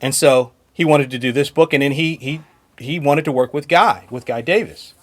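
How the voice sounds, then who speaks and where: A man's voice: mid-range voice, moderate pace. A man co-hosting a podcast in casual chat, talking enthusiastically and often laughing between points. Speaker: podcast co-host.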